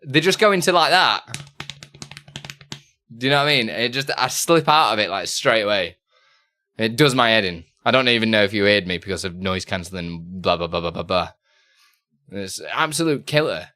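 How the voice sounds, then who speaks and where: A man hosting a casual live stream, talking loosely and laughing between chat questions. His voice is bright and forward. His pitch swings widely as he talks. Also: animated, moderate pace, pauses often. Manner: chatty and loose, reads chat aloud, laughs often.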